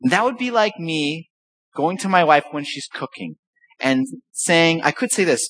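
A man with a high voice preaches a sermon as pastor. He reads scripture aloud, then explains it with animated emphasis. He poses rhetorical questions to his listeners. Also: measured pace, low-quality recording.

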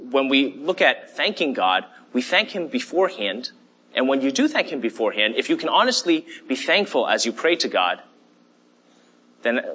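Bright, husky-voiced man preaching. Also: mid-range voice. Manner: conversational preaching with fillers and "okay?" check-ins. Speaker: pastor. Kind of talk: sermon.

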